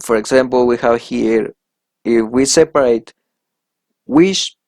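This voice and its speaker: A man's voice: medium pitch, little pitch movement, normal speed, darkish tone, dry recording. A man whose first language is Spanish, teaching an English grammar lesson in a methodical way and checking in with the listener after each point.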